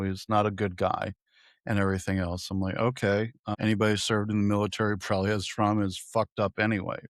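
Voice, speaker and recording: A man's voice: on the low side, no room sound, clean studio sound. A man co-hosting a podcast, chatting casually and profanely about politics and telling stories with acted-out quotes. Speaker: podcast co-host.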